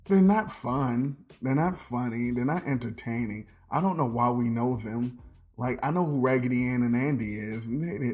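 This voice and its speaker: A man in his forties hosts a casual podcast in an ordinary mid-pitched voice. He rambles and laughs as he goes, and leans on "um" between thoughts. Soft music sits faintly behind him. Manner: rambling, laughs often, says "um" a lot. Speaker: podcast host. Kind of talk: casual nostalgic monologue.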